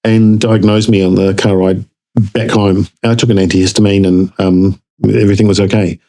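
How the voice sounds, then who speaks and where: A man with a New Zealand accent, a podcast guest telling a story casually and animatedly, jumping up in pitch to act out dialogue. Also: flat delivery, normal speed, warm tone, poor audio.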